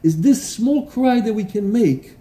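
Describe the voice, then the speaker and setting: In a church with a roomy echo, a pastor delivers an earnest, halting sermon full of restarts and fillers, reading quotations aloud with emphasis. His voice is high, animated and mellow.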